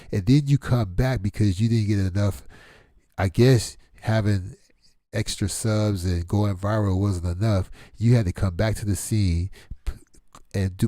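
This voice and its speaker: A middle-aged man from Detroit talks in a blunt, exasperated monologue, firing off rhetorical questions. His voice sits low with a dark, mellow tone. The sound is dry and close, with no room around it. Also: no room sound. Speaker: channel host. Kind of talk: casual commentary monologue.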